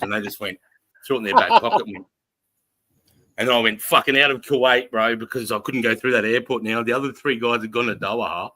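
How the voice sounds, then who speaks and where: A man's voice: medium pitch, fairly quick, low-quality recording. Brash Australian man telling war stories. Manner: profane, animated storytelling with acted-out voices. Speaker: podcast host. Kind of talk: casual storytelling.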